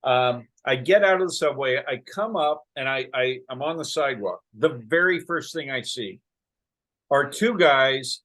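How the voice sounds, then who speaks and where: Guy hosting a podcast, chatty storyteller, does voices for people in his stories, mid pitch. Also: a little slow. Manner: animated storyteller who acts out quotes. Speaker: podcast host. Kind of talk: casual interview chat with storytelling.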